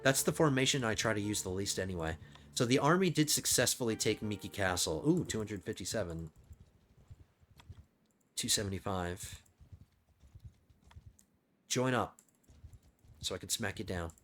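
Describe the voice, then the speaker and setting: A man's voice: lowish voice, expressive, normal speed, pauses often. A man whose voice is strained, casually talking through his moves as he plays a strategy game. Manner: thinking out loud while playing. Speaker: gaming channel host. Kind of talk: casual let's play commentary.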